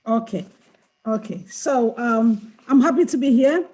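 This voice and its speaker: A middle-aged woman from Cameroon, speaking on a video call and reading her poetry in a slow, deliberate way. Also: a little high, warm tone. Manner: slow, deliberate recital with chanted dirge passages. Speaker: invited poet.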